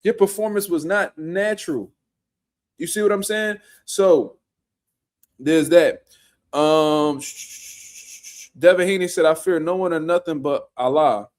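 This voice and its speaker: A man's voice: a little high, measured pace, long pauses. A man hosting a casual boxing reaction show, ranting bluntly in slangy, profane talk. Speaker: boxing commentary show host.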